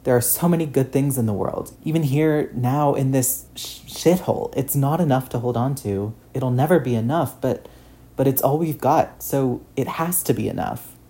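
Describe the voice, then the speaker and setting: A man's voice: medium pitch, moderate pace, dark tone, pitched above the performer's own voice, natural voice. A man voicing an earnest, shaken teenage boy hero who stammers and restarts his sentences.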